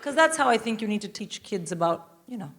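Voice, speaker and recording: A woman from India, a guest comedian, telling a stand-up story on a live stage with animated, swearing asides. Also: medium pitch, very noisy. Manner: animated, swearing, quick asides to a laughing audience. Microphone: stage microphone.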